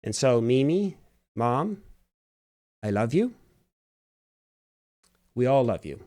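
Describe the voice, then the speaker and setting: A middle-aged man hosting a reflective solo commentary, soft-spoken and halting, with frequent restarts. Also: mid-range voice, big pitch swings, no room sound, studio quality. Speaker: host.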